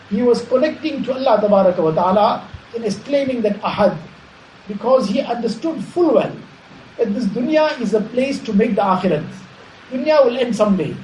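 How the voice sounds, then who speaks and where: A man giving a measured Islamic sermon, repeating phrases and explaining Arabic terms. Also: very high-pitched, warm tone, a little hiss or hum. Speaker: Islamic preacher. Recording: echoey room, faint ambience.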